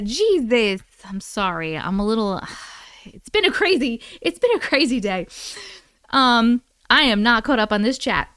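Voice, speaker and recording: A woman with an Oklahoma accent hosts a casual livestream, reading viewer chat while venting in an animated, exasperated way, full of swearing and laughter. Her voice is a little high and unhurried, and the recording is dry with clean studio sound.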